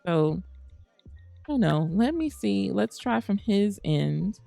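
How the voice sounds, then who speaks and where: A woman's voice: mid-range voice, big pitch swings, slow, vocal fry, dark tone, no echo, soft background music. A woman hosting a gaming channel, chatting casually through gameplay and saying things like "y'all" and "girl".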